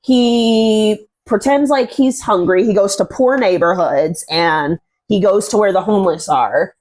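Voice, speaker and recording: A woman's voice: mid-range voice, measured pace, a little mellow. A woman hosting a casual interview about faith, telling stories earnestly with many fillers. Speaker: host.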